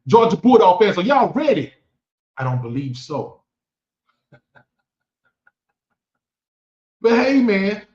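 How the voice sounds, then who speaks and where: Man, high-pitched fan vlogger, boastful and taunting; echoey room, dull lo-fi sound. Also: darkish tone. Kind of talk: trash-talking football commentary.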